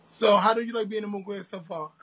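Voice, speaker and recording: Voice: mid-range voice, steady tone, fast talker, fairly bright tone. An interview host asking direct questions in casual chat, often repeating words when starting.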